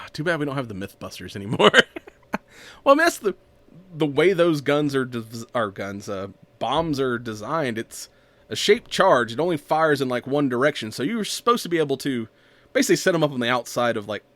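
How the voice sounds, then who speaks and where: A man's voice: mid-range voice, sing-song, fairly quick, fairly bright tone, no echo. Chatty man recapping a movie. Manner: rambling, laughs often, acts out quotes. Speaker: podcast co-host. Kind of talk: casual chat recapping a movie.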